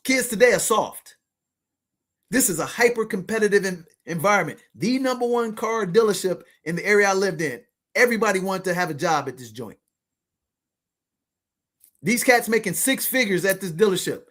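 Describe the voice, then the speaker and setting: A man in his fifties telling a motivational story to his listeners, animated and slangy, often calling out to them as ladies and gentlemen. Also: sits high, moderate pace. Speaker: podcast host and money coach.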